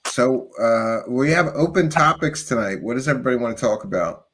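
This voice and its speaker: A man hosting a live panel stream, easygoing and quick to laugh. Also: medium pitch, animated, a bit bright. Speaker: host.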